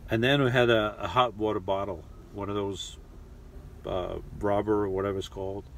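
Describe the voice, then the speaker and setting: Middle-aged male host, halting and rambling chat style, low-pitched, slight background ambience. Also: steady tone, a little hiss or hum. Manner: rambling, halting, many restarts and fillers. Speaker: live stream host reading chat. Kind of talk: casual live chat. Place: lives in New York.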